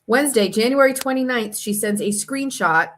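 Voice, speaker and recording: A woman's voice: a little high, lively intonation, moderate pace, fairly bright tone. A woman hosting her own show, casually recounting an online feud and reading out messages in a gossipy, exasperated way with some swearing. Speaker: host.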